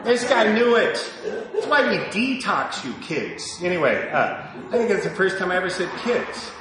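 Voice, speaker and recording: A man in his sixties sharing his personal story with a live audience at a recovery meeting, animated and swinging between loud and hushed. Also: high voice, moderate pace, a crowd in the background. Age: 60s. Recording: echoey hall recording.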